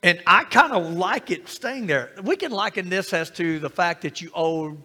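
A man's voice: sits high, animated, moderate pace, sharp tone, long reverb tail. A man pastor preaching a sermon in a church, full of rhetorical questions and calls for amen.

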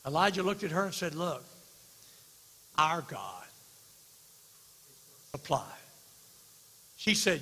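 A man preaching from the pulpit, his voice pitched high and bright. He drops to near-hushed, slow phrases and then rises into loud, emphatic declarations. The sound carries a long reverb from a large church sanctuary. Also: animated. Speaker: pastor. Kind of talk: sermon.

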